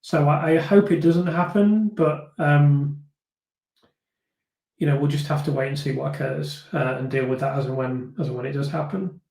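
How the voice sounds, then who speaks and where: Male live-stream host, slightly raised pitch, hesitant conversational delivery, echoey room. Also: fairly even intonation, moderate pace, gravelly, darkish tone. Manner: thoughtful, hesitant, many fillers and restarts. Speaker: host of a live viewer discussion. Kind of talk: casual live-stream chat reading viewer comments.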